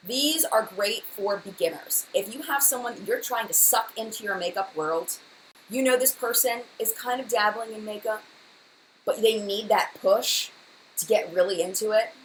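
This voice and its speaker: A woman in her thirties hosting a live stream, answering viewers in a fast, rambling, chatty way with many fillers. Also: medium pitch, a bit bright, slight background noise, poor audio. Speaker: beauty channel host.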